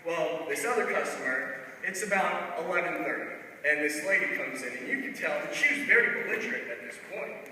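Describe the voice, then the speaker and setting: A young man doing a stand-up comedy set with loud, energetic and playful storytelling. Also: fairly high pitch, a little fast. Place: large echoey hall. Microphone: far room mic. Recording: echoey hall from far off, faint noise.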